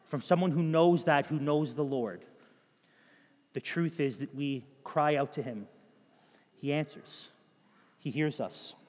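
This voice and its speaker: Male pastor, slightly higher voice, earnest sermon delivery, long hall reverb. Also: takes it slowly, long pauses, darkish tone. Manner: earnest, direct exhortation in short repeated phrases.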